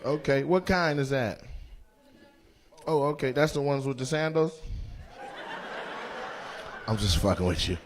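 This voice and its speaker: A man doing stand-up crowd work in a comedy club, teasing audience members with loud banter and putting on their voices. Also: mid-range voice, animated, takes it slowly, long pauses, a little hiss or hum. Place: comedy club stage before a live audience. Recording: faint crowd ambience, audience laughter.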